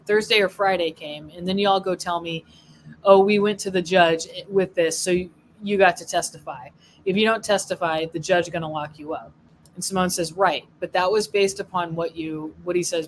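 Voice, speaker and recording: A woman's voice: fairly low pitch, slight background noise, poor audio. A woman, a legal affairs journalist, reading a court transcript aloud and naming each speaker before their words.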